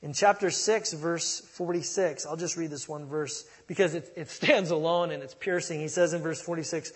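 Middle-aged male pastor, slightly high husky voice, chatty sermon with loud punches, long hall reverb. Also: unhurried. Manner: conversational preaching, swings from soft asides to loud emphasis.

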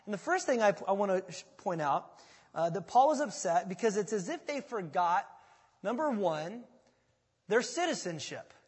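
A man preaching a sermon as pastor, talking in a conversational, animated way and joking with his congregation. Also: high voice, moderate pace, slightly rough, long reverb tail.

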